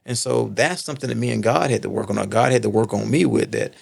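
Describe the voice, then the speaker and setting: A man's voice: mid-range voice, quick pace, creaky. A middle-aged man, a podcast guest telling personal stories earnestly, repeating points for emphasis and checking in with "right?". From Texas. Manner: earnest storyteller, emphatic repetition, asks "right?". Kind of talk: casual podcast conversation.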